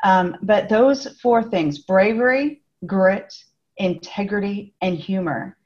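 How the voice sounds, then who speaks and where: A woman's voice: mid-range voice, slow, darkish tone. A woman from California with a slight Australian tinge to her accent, a guest author talking upbeat in a casual interview. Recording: slightly dull lo-fi audio.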